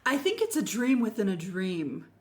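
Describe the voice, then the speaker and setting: A woman's voice: mid-range voice, big pitch swings, normal speed, a little mellow. A woman co-hosting a podcast in casual chat, often breaking into laughter. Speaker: podcast co-host.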